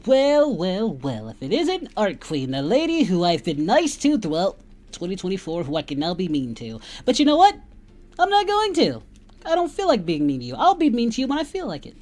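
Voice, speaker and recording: Man doing Goku: excitable, giggly, bouncing pitch, streamer chat. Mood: playful. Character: Goku, cheerful spiky-haired male hero. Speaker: livestream host. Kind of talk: live stream chat in character.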